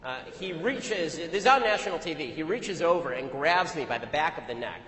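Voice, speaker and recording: Rapid-fire man arguing in an echoey hall. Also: fairly high pitch, expressive, pushed and bright. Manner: rapid, argumentative storytelling. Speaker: public speaker. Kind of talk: anecdotal speech to an audience. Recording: echoey hall, long reverb.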